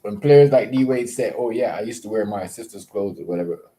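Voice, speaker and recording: A man hosting a casual livestream, rambling with many fillers and repeated words, giving shout-outs to viewers. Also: fairly low pitch, brisk. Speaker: livestream host.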